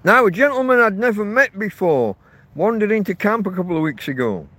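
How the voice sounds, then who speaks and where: A vlogger living rough in a field camp rambles chattily to his viewers, correcting himself as he goes. His voice is high, husky, a bit bright, and brisk with lively intonation. He records on a phone held in portrait mode, picking up wind and faint outdoor noise.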